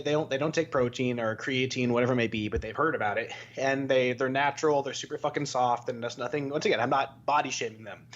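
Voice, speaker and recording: A man's voice: mid-range voice, highs cut off. A man co-hosting a casual podcast, ranting with a lot of profanity and acting out the voices of people he quotes. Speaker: podcast co-host.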